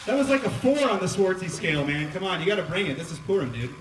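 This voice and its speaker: A male rabbi with a high voice leads a reading full of playful asides, coaxing and teasing the congregation. He sounds distant, in an echoey sanctuary with a faint hiss underneath. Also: big pitch swings, fast talker. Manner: joking, teasing, audience-prodding. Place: synagogue sanctuary. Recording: echoey hall heard from far off.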